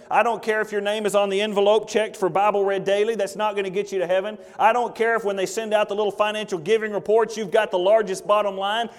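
A man preaching a sermon as pastor, fervent and folksy, swinging between loud outbursts and quiet asides. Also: a little high, in a large hall. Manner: folksy, plain-spoken.

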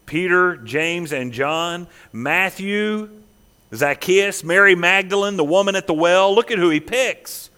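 A man's voice: sits high, clear, resonant tone. Emphatic male pastor in a reverberant hall. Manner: emphatic, swings from loud to hushed and slow. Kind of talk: sermon. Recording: long reverb of a large hall.

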